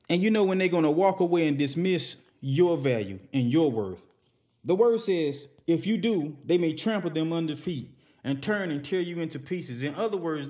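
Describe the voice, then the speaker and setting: Man, preacher, sermon, scripture reading, exhortations, slightly high voice. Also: husky. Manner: reads scripture aloud and explains it, with repeated exhortations.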